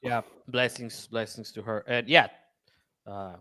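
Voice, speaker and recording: A man with a bright, slightly tense voice chats on a podcast. He speaks softly and hesitates often, feeling his way through what he says. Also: medium pitch, fairly even intonation, unhurried, dry recording. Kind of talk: casual podcast chat.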